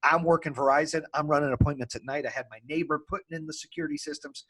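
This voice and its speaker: A man recounts how he built his business, animated and candid, swearing casually and playing both sides of old arguments. His voice sits on the high side and moves fast.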